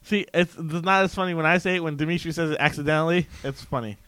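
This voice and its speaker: Animated laughing man host, dry mic. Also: fairly high pitch, fast, clean tone, dry recording. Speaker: podcast co-host. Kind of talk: casual banter.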